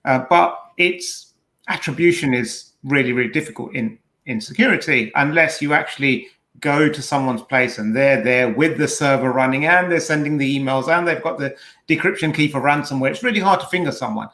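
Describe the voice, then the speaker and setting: A man co-hosting a casual podcast, retelling a story with lively energy and plenty of false starts. His voice sits at an ordinary pitch. The room around him rings with a clear echo. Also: fairly quick. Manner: animated, rambling storytelling with frequent restarts. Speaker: podcast co-host. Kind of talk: casual security podcast chat.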